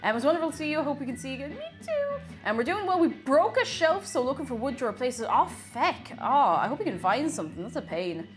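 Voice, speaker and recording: An Irish woman live-streams from her home kitchen while baking, chatting casually, repeating herself and greeting viewers by name. Her high voice is sing-song and quick, with faint music playing from her phone behind her.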